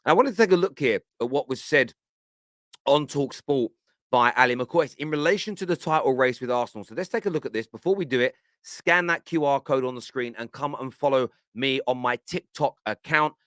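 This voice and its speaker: A man hosting a football fan channel, giving animated, exasperated reaction commentary on radio clips. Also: medium pitch, brisk, no echo. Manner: animated, exasperated, laughs often.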